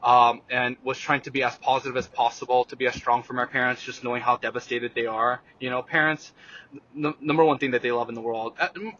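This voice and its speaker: A young man talks through a personal story as an interview guest, pausing and restarting often with lots of fillers. His voice is bright and forward at an average pitch. The recording sounds slightly dull and lo-fi. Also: steady tone. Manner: halting, many fillers and restarts.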